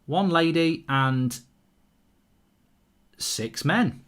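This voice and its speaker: A man's voice: on the high side, animated, very slow, a bit bright, smooth. A man hosting a live football watchalong, chatty, jokey and rambling as he reads out viewer comments. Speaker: host.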